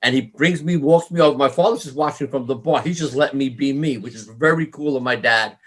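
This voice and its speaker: A man's voice: mid-range voice, brisk. A middle-aged man from New York, a musician guest, telling stories in an interview, acting out quoted voices and laughing as he goes. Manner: animated storyteller, acts out quoted voices, laughs often. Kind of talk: storytelling interview.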